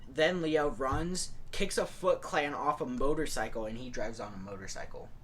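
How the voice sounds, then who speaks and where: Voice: medium pitch, normal speed, fairly bright tone, slight background noise. A podcast host casually retelling a movie plot in a rambling way, full of fillers like "like" and "and stuff".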